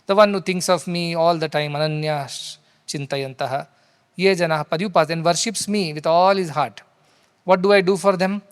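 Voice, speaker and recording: A man's voice: a little high, smooth. Man preaching. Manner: earnest, rhetorical questions, Sanskrit recitation. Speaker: spiritual teacher. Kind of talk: storytelling sermon. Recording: long hall reverb.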